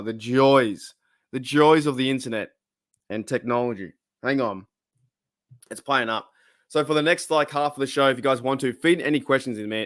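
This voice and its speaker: Hoarse Australian man hosting a livestream. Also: medium pitch, fairly bright tone, no room sound, studio quality. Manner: chatty, rambling, reading out viewer comments. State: hoarse, voice cracking. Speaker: livestream host. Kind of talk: casual live chat with viewers. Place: home room.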